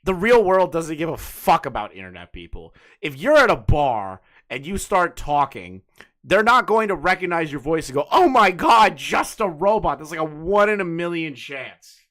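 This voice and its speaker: A young man rambles through a casual call in a blunt, profane way. His voice sits a bit high and sounds bright and forward. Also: sing-song, normal speed. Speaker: streamer host.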